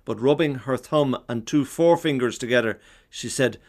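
A man giving a storytelling devotional talk, wry and anecdotal. His voice sits at a middle pitch, and he leads into a reflective point. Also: moderate pace, a little mellow. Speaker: speaker giving a seasonal reflection.

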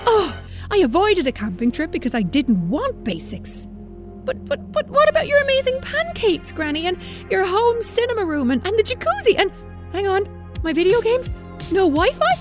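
A woman's voice: high voice, big pitch swings, moderate pace, darkish tone, soft background music. A woman voicing an indignant boy who hates the outdoors, whining in outrage. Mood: outraged.

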